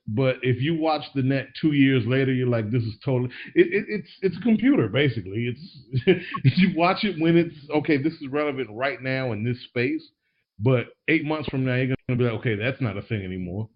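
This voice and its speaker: A man's voice: mid-range voice, animated, normal speed. A man hosting a podcast in casual chat, rambling and slangy with many restarts, a little tipsy. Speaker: podcast host. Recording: dull lo-fi recording.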